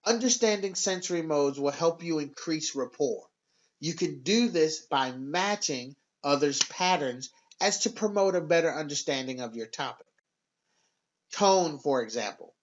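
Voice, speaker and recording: A man giving a scripted sales training narration in an instructive, measured and emphatic way. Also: on the high side, animated, highs cut off.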